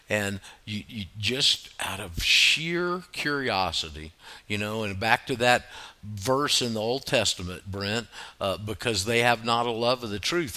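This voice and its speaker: A man's voice: fairly low pitch, sharp tone. A man on a radio talk show who talks eagerly and cuts in on others.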